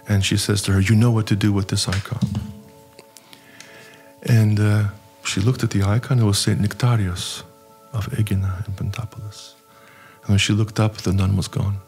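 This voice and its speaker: A middle-aged archpriest telling a personal story in an earnest, halting way, with many pauses and fillers. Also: male voice, fairly low pitch, a little mellow, slightly rough. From United States. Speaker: archpriest guest.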